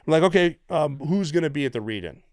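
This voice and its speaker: A middle-aged man from the United States, a former Navy SEAL guest telling stories in a casual, profane, animated way. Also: on the high side, rapid-fire, no room sound, studio quality. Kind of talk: casual storytelling.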